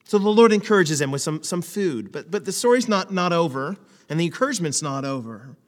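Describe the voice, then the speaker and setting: A man preaches in a lively, conversational way, throwing out rhetorical questions. His voice sits a little high. A long hall reverb trails behind every word. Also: brisk. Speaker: pastor. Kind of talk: sermon.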